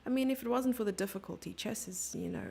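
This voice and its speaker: A woman streamer talks through a chess game live, thinking aloud over the moves and teasing herself along the way. Her mid-pitched voice has a gravelly edge. She is from Germany and keeps it casual and chatty. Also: quick pace, darkish tone. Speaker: chess commentator.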